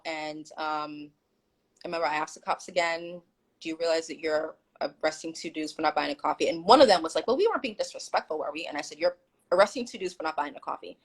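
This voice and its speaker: A deep-voiced woman, heard through a phone or video call with poor audio quality, appears as a guest on a live stream. She tells a story with animation and emphasis, quoting what people said to her.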